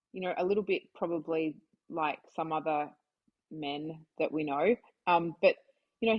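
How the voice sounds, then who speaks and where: An Australian woman talking as a guest on a casual podcast. Her voice is low for a woman and husky, with a breathy edge. She rambles in a chatty way and fills her talk with asides. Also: muffled recording. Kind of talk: casual chat.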